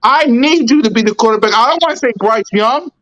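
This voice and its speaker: A man's voice: very high-pitched, animated, brisk, a bit bright, highs cut off. A man hosting a casual sports call-in podcast, talking emphatically and laying out his points one by one. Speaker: podcast host.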